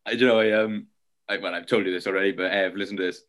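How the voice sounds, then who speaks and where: A man's voice: fairly low pitch, quick pace. A young man from Britain co-hosting a podcast, telling stories in a casual, joking way. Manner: storytelling, animated and joking. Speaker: podcast co-host. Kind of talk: casual pub chat.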